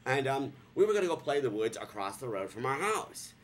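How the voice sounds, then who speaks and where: A man from Vermont telling a story on his vlog, joking and sarcastic, sometimes breaking into squealing high voices. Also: very animated, fairly quick, slight background noise. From Vermont, USA. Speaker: vlogger. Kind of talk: casual comic storytelling.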